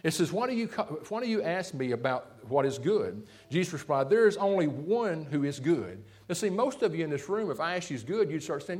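A man's voice: on the high side, a little fast, hardly any pauses. A man preaching a sermon as a pastor, talking straight to the congregation and checking in often with "see?" and "okay?". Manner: lively preaching with frequent "see?" and "okay?" asides.

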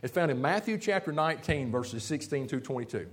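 Lively preaching man, animated pitch. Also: brisk. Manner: lively preaching with frequent "see?" and "okay?" asides. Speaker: pastor. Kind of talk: sermon.

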